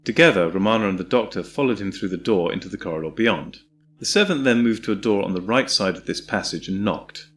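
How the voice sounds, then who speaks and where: A man reading an audiobook in a measured, descriptive storytelling manner. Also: fairly low pitch, fairly bright tone. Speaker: audiobook narrator. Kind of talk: scripted audiobook narration.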